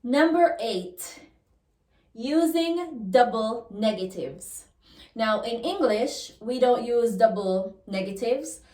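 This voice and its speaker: A woman with a Jamaican accent leads a lesson at a very unhurried pace, repeating each example word with care. Her voice sits a little high for a woman. The room around her gives the sound a clear echo. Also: animated, mellow. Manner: slow and deliberate, repeats example words, laughs now and then. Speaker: language teacher. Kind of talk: lesson explaining pronunciation rules. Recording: echoey room.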